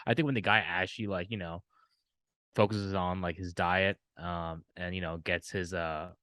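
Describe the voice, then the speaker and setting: A man co-hosting a podcast, cracking jokes and pushing the chat forward with questions. His voice is lowish and sounds dry and close to the mic. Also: fairly even intonation, moderate pace, sharp tone, no echo. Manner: joking, steers topics with questions. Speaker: podcast co-host. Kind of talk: casual sports chat.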